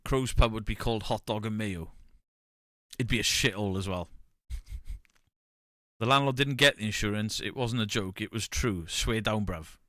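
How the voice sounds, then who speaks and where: A man's voice: fairly low pitch, moderate pace, pauses often, no echo, clean studio sound. A man, streaming and bantering casually with his chat. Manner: banter, reads chat aloud, shouts mock pub-landlord bits.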